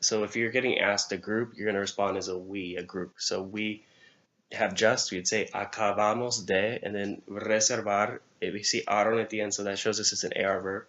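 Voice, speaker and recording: A man's voice: lowish voice, little pitch movement, normal speed, fairly bright tone, dull audio. A male Spanish teacher reviewing grammar, asking and answering his own questions step by step. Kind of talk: recorded exam review lesson.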